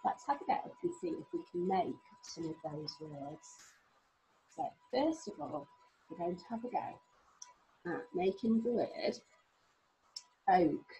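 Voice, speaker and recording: A woman teaching a recorded phonics lesson to young children, sounding out words slowly in a sing-song way. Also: lowish voice, big pitch swings, dark tone, slight background noise, poor audio. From England. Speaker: reception class teacher.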